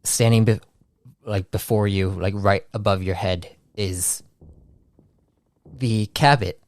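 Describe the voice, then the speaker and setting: A man narrating as game master, slowly and loosely, often restarting his sentences. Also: fairly low pitch, dry recording. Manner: slow, with restarts and hedging "like".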